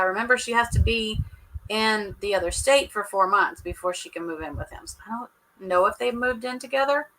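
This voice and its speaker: A woman's voice: mid-range voice, fairly quick, a bit bright, a little hiss or hum, poor audio. A woman hosting a casual live chat, sassy and joking, laughing often as she talks to her viewers. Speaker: livestream host recapping a reality show.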